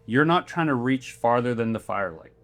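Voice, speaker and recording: A man's voice: medium pitch, lively intonation, brisk, a bit bright. A man hosting a live convention panel, talking in a musing, story-driven way with rhetorical questions into a panel microphone. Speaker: podcast host moderating a convention panel. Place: convention panel room before an audience.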